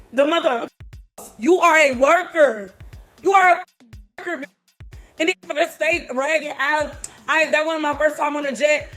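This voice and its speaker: A woman's voice: high voice, a bit bright. A woman scolding and mocking someone in a profane, angry rant.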